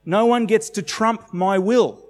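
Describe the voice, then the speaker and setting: A man's voice: sits high, measured pace, in a large hall, pitched above the performer's own voice. An Australian man voicing Jesus in a sermon, firm and reassuring. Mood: assured. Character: calm, assured Jesus speaking.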